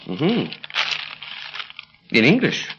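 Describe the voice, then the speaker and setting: An actor playing a plucky British special agent, in clipped, breezy 1940s radio-drama style. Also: male voice, fairly high pitch, huge pitch swings, extremely slow, a bit bright, slight background noise, heavily acted. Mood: brisk. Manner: clipped, breezy upper-class British banter. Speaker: lead character in radio drama. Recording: dull lo-fi vintage radio recording.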